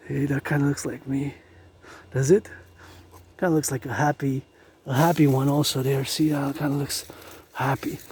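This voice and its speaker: A man's voice: medium pitch, slight background noise. Rambling man on a street walk. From Canada. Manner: rambling, excitable, talks to decorations. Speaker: vlogger. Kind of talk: casual walking vlog. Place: outdoors on residential streets.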